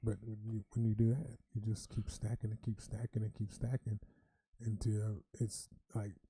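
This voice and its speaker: A low, husky man chats casually into a dry studio mic. His tone is dark and mellow, and he talks in emotional bursts, going loud and animated when he tells a story. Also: normal speed, dry recording. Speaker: podcast co-host. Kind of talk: casual podcast chat. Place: podcast studio.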